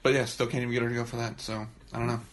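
A man's voice: mid-range voice, flat delivery, racing. Joking, swearing podcast co-host man. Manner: swearing, joking, acts out voices in stories. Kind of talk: casual chat.

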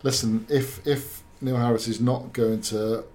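A man giving his opinion as a pundit in a measured way, sometimes searching for words. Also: mid-range voice, fairly even intonation, a little mellow. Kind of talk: casual discussion.

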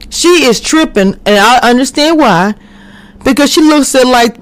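A woman giving a casual recap of a TV drama, animated and quick to act out the characters' lines. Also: sits high. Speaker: TV recap reviewer. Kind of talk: casual chat. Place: home, recording a live stream.

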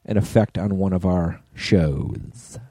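A middle-aged man chats on a podcast in a relaxed, mellow voice. His stories wander, with plenty of restarts and casual swearing, and the close, dry studio sound keeps him right up front. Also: low-pitched, takes it slowly, breathy edge, no echo. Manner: rambling storyteller with many restarts and profanity. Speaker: podcast co-host. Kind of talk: casual chat.

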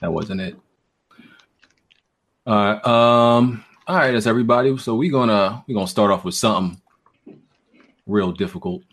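A man hosts a gaming podcast in a laid-back, teasing manner. His voice sits fairly low and he keeps things loose and conversational. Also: normal speed, long pauses, fairly bright tone. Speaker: podcast host. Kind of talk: casual gaming podcast chat.

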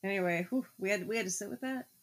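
A woman's voice: mid-range voice, quick pace. A woman co-hosting a podcast in casual chat, joking wryly as she reacts. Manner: wry, joking. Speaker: podcast co-host.

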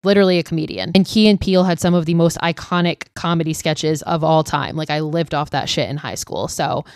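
A young woman with a low, smooth, resonant voice talks through a film scene by scene. She keeps it loose and chatty, dropping filler words and casual swears. The sound is dry and close. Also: fairly quick, darkish tone, no room sound. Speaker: podcast host.

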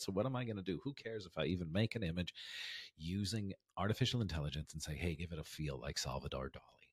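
Deep husky guy doing his daily inspiration podcast, dry close sound, gets loud then whispery. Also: brisk, no room sound. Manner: animated, swings between loud emphasis and near whisper. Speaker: podcast host. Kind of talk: casual inspirational monologue.

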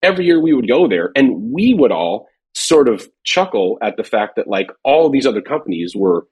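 A man's voice: mid-range voice, very animated, normal speed, a little mellow, husky. A man chatting casually in a podcast, telling rambling stories from his years at a drum company, full of fillers and restarts.

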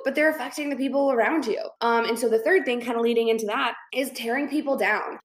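A woman's voice: fairly high pitch, roomy sound. A woman hosting a casual solo podcast, talking bluntly with lots of "like" fillers and the odd swear word. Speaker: podcast host.

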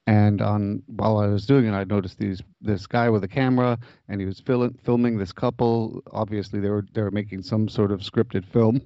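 A man's voice: lowish voice, little pitch movement, normal speed, few pauses, dry recording, highs cut off. A man chatting casually and telling stories, rambling with frequent restarts. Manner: rambling, lots of restarts, laughs at own jokes. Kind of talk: casual chat, storytelling.

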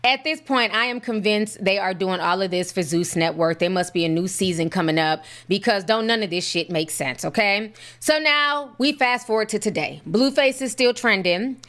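A woman's voice: mid-range voice, animated, moderate pace, a bit bright. A woman hosting celebrity gossip commentary, chatty and blunt, swearing freely. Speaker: commentary channel host.

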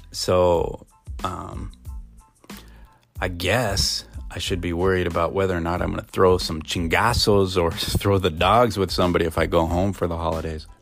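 A middle-aged man from Montana with a very low, gravelly voice tells a rambling story in a loose, casual way. He stops often for fillers and restarts himself, and faint music plays behind him. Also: a bit bright.

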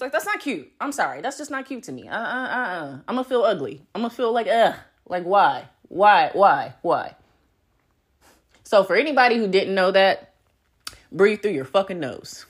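Animated woman podcast host with a widely ranging pitch, blunt, profane and quick to laugh. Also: slightly rough. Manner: animated, swooping delivery. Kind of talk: casual podcast monologue.

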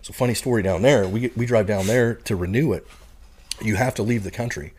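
A man's voice: lowish voice, brisk, slightly rough. A middle-aged man, a podcast guest telling a story in casual talk and acting out the people in it. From Canada. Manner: animated storyteller who acts out the people in his stories.

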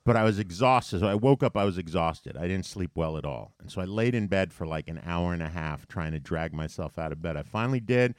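A man telling a story in a casual chat, animated and profane, getting heated as he goes. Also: deep voice, brisk, hardly any pauses, clean tone, dry recording, studio quality. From New York.

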